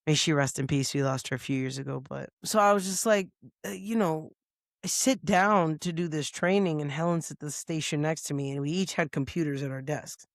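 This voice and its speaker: A woman co-hosting a podcast, telling a casual story with lots of swearing and quick impressions of other people's voices. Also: low-pitched, dry recording, studio quality. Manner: profane, lively, acts out others' lines. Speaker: podcast co-host. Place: podcast studio.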